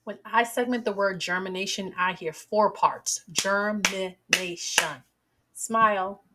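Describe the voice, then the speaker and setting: A woman's voice: medium pitch, noisy background. Woman teaching phonics to kids. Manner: slow, clearly segmented words for kids. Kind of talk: children's phonics lesson.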